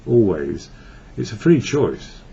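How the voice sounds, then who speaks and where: A gravelly, mellow, lowish male voice moves slowly with a sing-song lilt. The speaker, an English recovery blogger, rambles through a reflective monologue on recovery and keeps correcting himself. Faint hiss sits under the dull, lo-fi audio.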